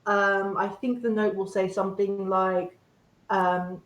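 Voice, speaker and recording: A woman's voice: mid-range voice, flat delivery, slow pace, reverberant, dull audio. A woman playing a tabletop game, describing her character's actions hesitantly with many fillers. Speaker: player.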